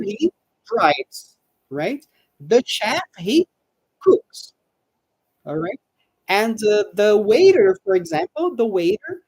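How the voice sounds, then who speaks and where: Female English teacher, patient, drills pronunciation slowly; husky voice, dry sound. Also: mid-range voice, darkish tone, no echo, low-quality recording. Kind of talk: live online English lesson.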